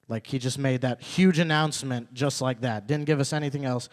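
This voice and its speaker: A young man performing a stand-up set at an open mic, repeating his punchlines and working up to loud, indignant rants. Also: mid-range voice, fairly quick. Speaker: stand-up comedian. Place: open mic comedy night venue.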